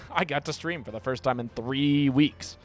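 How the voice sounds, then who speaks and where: A man live-streaming a game, talking casually and playfully, often stumbling and repeating words when excited. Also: medium pitch, measured pace, faint music behind.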